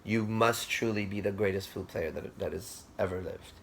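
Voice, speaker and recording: A man voicing a gravelly eager king. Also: lowish voice, normal speed, a little hiss or hum. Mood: amazed. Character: eager, commanding male king.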